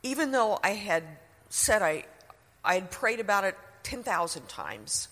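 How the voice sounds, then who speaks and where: A woman's voice: medium pitch, big pitch swings, unhurried, fairly bright tone. Earnest woman telling a testimony in a reverberant hall. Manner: earnest, emotional storytelling. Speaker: speaker sharing a testimony. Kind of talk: personal testimony.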